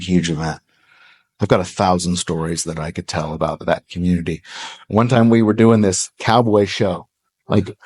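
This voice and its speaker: A man's voice: low-pitched, a little mellow. A middle-aged man preaching a sermon, telling stories with animation and acting out quoted voices. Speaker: pastor. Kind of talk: sermon storytelling. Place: church hall, live audience.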